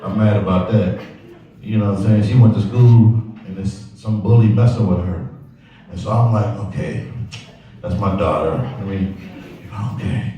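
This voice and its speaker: A man doing a stand-up comedy set, telling stories in a lively way and jumping loudly into quoted lines. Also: lowish voice, normal speed, dull audio. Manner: animated storytelling, loud jumps for quoted bits, frequent "you know what I'm saying". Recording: roomy live club sound, mic heard from a distance. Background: audience laughter and crowd noise.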